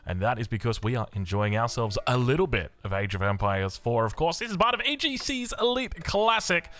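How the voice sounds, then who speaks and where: A fast-talking young Australian man calling a strategy game, with a voice that leaps up and down as he goes. He chats along easily, drifting into rambling side stories between plays. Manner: chatty, rambling asides, lively swings in pitch. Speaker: game caster. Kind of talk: energetic esports commentary.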